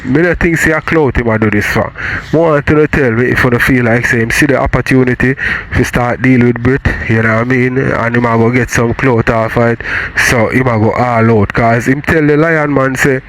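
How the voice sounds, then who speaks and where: A man's voice: medium pitch, fairly even intonation, normal speed, a bit bright, a little hiss or hum, poor audio. A man with a Jamaican accent hosting a vlog, casually recapping gossip in patois and addressing his viewers directly. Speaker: vlog host.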